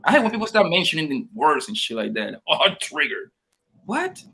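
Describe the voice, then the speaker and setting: A man's voice: fairly high pitch, wildly swooping pitch, fast, fairly bright tone, slightly rough. A man joining a live panel discussion, talking bluntly in casual slang. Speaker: panel participant.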